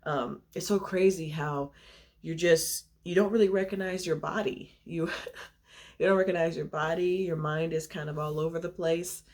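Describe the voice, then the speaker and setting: Breathy, chatty young woman vlogging. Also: low voice, fairly even intonation, normal speed. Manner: chatty, open, laughs often, out of breath. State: short of breath. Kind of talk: casual chat to camera.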